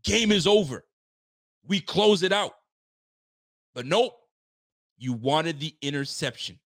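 This livestream host is a young man delivering an animated sports rant, full of frustration and open swearing, with the occasional impression of a player. He speaks slowly in a higher-than-average, somewhat bright voice with lively intonation.

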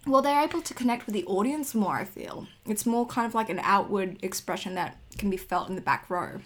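A woman's voice: mid-range voice, lively intonation. Chatty opinionated young woman podcaster. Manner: chatty, opinionated, quick asides. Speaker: podcast co-host. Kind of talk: casual chat, figure skating commentary.

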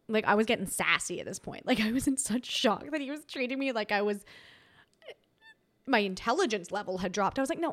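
A woman hosting a podcast, telling a personal story in an animated, dramatic way and acting out quoted voices. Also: on the high side. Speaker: podcast host. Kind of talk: casual storytelling.

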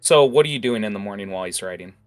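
Low-voiced casual game master. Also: male voice, lively intonation, racing, faint music behind. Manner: casual, many fillers. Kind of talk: narrating a tabletop game.

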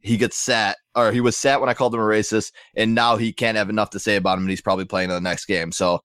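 A fast-talking self-mocking male guest. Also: on the low side, flat delivery, fairly bright tone, clear, resonant tone, no echo, clean studio sound. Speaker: recurring podcast guest. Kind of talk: casual podcast chat.

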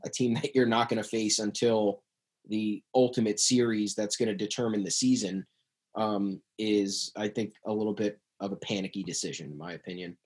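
A man's voice: lowish voice, fairly even intonation, moderate pace, darkish tone, husky. A man co-hosting a sports podcast, giving his opinions in an easygoing, casual way. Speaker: podcast co-host.

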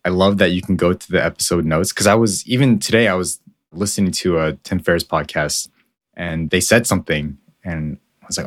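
A man co-hosting a podcast, telling stories in a relaxed, self-deprecating way. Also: low voice, fairly quick. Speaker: podcast co-host. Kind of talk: casual podcast chat.

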